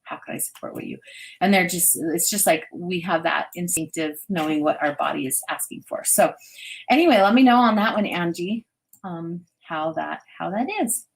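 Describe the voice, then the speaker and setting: A woman's voice: fairly low pitch, moderate pace, gravelly. Bubbly, chatty woman giving psychic readings. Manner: bubbly, chatty, reads viewer comments aloud, laughs often. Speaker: intuitive reader and host. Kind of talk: live-stream psychic readings.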